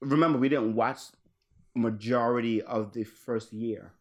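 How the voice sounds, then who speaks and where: A man's voice: medium pitch, fairly even intonation, measured pace. A man co-hosting a casual chat show, rambling, searching for names and laughing often.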